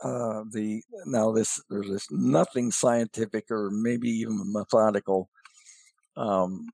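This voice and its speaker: A lowish male voice, gravelly and a little husky, that moves slowly and stops often on fillers. He chats as a regular guest on talk radio. The sound is dry. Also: fairly even intonation, mellow, no echo. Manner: unhurried, halting with many fillers. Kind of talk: casual talk radio chat.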